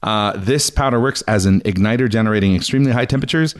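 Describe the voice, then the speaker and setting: Talking fast in a lowish voice, a young podcast host keeps things casual, laughing a lot as he reads articles aloud. When he quotes them, he switches to a mocking voice.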